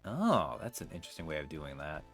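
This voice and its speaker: A man giving casual gameplay commentary in fast, rambling asides with self-deprecating jokes. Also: a bass voice, very animated, fairly bright tone. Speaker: let's player. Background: faint game music.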